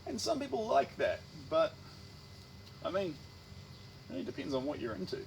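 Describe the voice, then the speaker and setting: A man's voice: on the high side, huge pitch swings, normal speed, gravelly, a little hiss or hum, low-quality recording. A man with a New Zealand accent, an artist chatting casually on a livestream while he paints, rambling and playful. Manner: rambling, playful, full of restarts and tangents.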